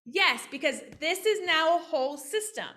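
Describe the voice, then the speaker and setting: A woman physical therapist teaching practice owners on a video call, lively and interactive, often asking questions. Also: extremely high pitch, moderate pace. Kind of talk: casual online teaching with role-played examples.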